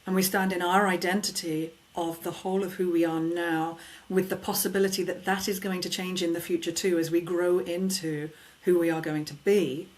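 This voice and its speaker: Woman, lowish voice, expressive, emphatic, podcast chat, vocal coach. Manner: expressive, emphatic, acts out inner questions. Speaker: vocal coach and sound healer. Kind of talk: podcast conversation.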